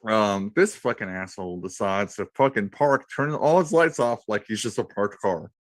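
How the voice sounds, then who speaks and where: A man's voice: lowish voice, normal speed, dry recording. A man in his thirties on a radio panel, telling a crude, rambling story full of swearing. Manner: profane, rambling, animated storyteller. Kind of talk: casual crude banter and storytelling.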